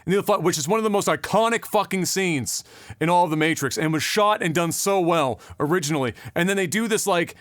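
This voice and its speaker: A man's voice: high voice, fairly quick, fairly bright tone, dry recording, clean studio sound. A man co-hosting a podcast, ranting casually with lots of swearing, fillers and restarts. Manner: profane, rambling rant with many fillers. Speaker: podcast co-host.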